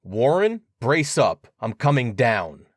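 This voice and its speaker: A man's voice: medium pitch, big pitch swings, slow pace, dry recording, studio quality, voice pushed up. A man voicing a young man who calls out to his friend in desperation. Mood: desperate. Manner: shouting, urgent.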